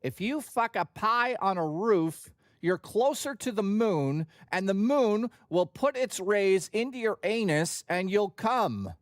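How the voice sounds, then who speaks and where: A man doing an impression of a dreamy, eccentric older film director, speaking slowly and matter-of-factly about absurd things. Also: sits high, lively intonation, dry recording, clean studio sound, pitched above the performer's own voice.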